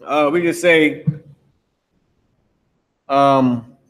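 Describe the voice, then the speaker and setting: In a live language class streamed on Facebook and YouTube, a man with a voice on the high side draws out his words. He chats casually, repeats things, and grumbles whenever the stream drops.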